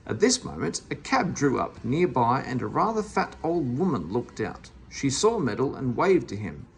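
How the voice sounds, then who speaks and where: Storybook narrator: expressive, gravelly reader with a very lively pitch. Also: normal speed, hardly any pauses. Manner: expressive, animated. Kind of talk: storybook read-aloud.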